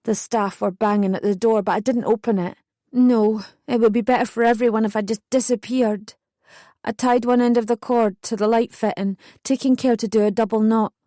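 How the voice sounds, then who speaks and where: A woman's voice: a little high, fairly even intonation, moderate pace, mellow, no room sound, clean studio sound. A young woman narrating a true first-person memoir as an audiobook, intense and emotional in her retelling.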